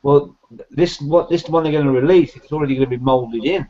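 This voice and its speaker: A man's voice: on the high side, brisk, dark tone. A man chatting casually on a video call, blunt and grumbling. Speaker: hobbyist scale modeler on a video hangout. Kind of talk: casual chat. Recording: dull lo-fi video call audio.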